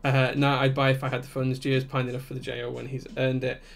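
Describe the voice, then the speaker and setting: A man hosts a live stream, methodically walking through a build step by step and reading chat aloud to answer it. His medium-pitched voice is monotone and creaky, and he talks fast.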